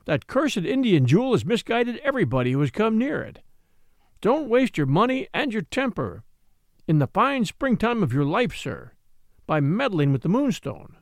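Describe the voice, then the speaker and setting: A man's voice: sits high, very animated, normal speed, vocal fry, dry recording, clean studio sound, voice pushed up, full character voice. A man voicing an elderly male house steward who is stubborn, fussy and loyal, in an audiobook reading. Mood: earnest warning. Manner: obstinate, fussy and respectful.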